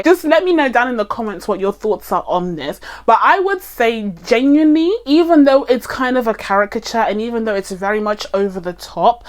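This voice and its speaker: A young woman with a fairly high voice chats to camera about a film she has watched. She talks casually and emphatically, leaning on her points and often laughing mid-sentence. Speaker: movie reviewer.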